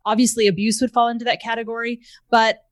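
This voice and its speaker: A woman's voice: a little high, flat delivery, fast talker, dry recording. Woman explaining parenting ideas in interview. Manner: explains with examples, acts out quoted lines. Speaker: parenting expert guest. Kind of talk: conversational podcast interview.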